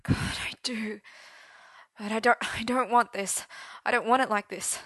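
Woman reader as a torn young man, breathy, pleading whisper, storybook read-aloud. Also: mid-range voice, fairly even intonation, very slow, fairly bright tone, no room sound. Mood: desperate.

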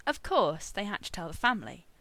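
Expressive woman reading a story. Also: medium pitch, a little fast, vocal fry, no room sound. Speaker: narrator.

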